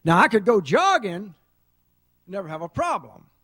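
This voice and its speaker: A middle-aged man preaching a sermon, telling folksy stories and building to loud shouts. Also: high voice, big pitch swings, moderate pace, dry recording, clean studio sound. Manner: folksy storytelling, dramatic swings to loud shouting. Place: church sanctuary.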